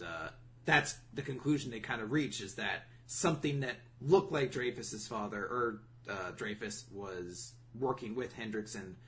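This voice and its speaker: A man's voice: lowish voice, fairly bright tone. A man casually summarizing a comic chapter as a podcast host, rambling with lots of fillers. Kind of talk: casual review chat.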